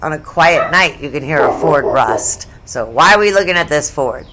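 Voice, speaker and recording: A woman's voice: deep voice, expressive, normal speed, background noise. A middle-aged woman from the United States telling stories in a casual sports vlog, chatty, blunt and profane, with asides. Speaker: sports vlogger.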